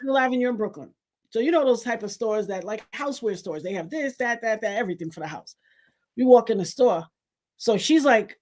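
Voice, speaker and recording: A woman hosting a livestream, telling a funny story in an animated, preachy way and laughing often. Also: fairly high pitch, brisk. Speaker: livestream host. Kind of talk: lively storytelling chat.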